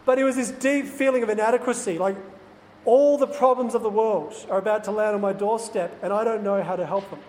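A priest speaks in an earnest, confiding tone, sharing a personal story with lay listeners. His voice sits high for a man. The room rings with a long reverb over a faint background hiss. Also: a little fast, darkish tone. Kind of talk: personal talk to lay people.

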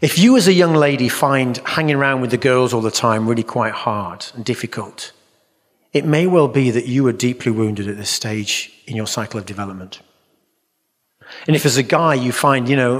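Earnest middle-aged male Christian teacher, animated storyteller, recorded in a reverberant hall. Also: mid-range voice, normal speed. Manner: earnest, acts out voices in stories. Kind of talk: teaching talk at a church conference.

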